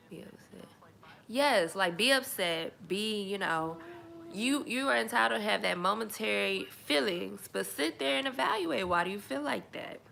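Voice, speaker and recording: A woman's voice: fairly low pitch, creaky, pushed and bright. A young woman, chatting candidly and emphatically to camera as a single mom. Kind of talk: casual chat to camera.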